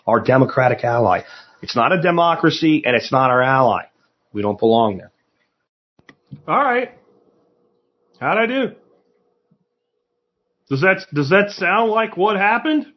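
A man hosting a podcast, delivering a blunt, profane and sarcastic political monologue full of rapid rhetorical questions. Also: on the high side, very animated, dull audio. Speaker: podcast host.

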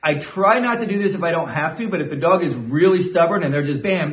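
A man's voice: fairly high pitch, lively intonation, fast talker, hardly any pauses. A man who trains dogs gives a casual, step-by-step lesson and often checks in with "right?". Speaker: dog trainer. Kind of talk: instructional talk. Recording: dull, roomy sound from a distant mic.

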